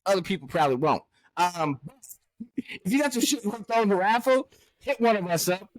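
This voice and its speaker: Male podcast host, fairly high and very lively voice, foul-mouthed ranter, dry close sound. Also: a little fast, dry recording. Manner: profane, loud, swings from angry ranting to hyped cheer. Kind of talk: casual podcast chat.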